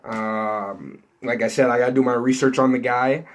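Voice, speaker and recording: A man's voice: mid-range voice, steady tone, normal speed. Rambling, chatty man talking to viewers. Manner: rambling, many fillers and restarts, lots of "you know" and "like". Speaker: entertainment news vlogger. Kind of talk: casual unscripted chat to viewers.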